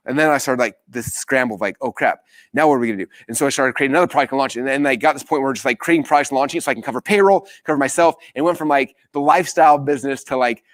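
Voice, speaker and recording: A man's voice: mid-range voice, no room sound. A man in his thirties giving a live business training, telling stories energetically and acting out the dialogue. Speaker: business coach.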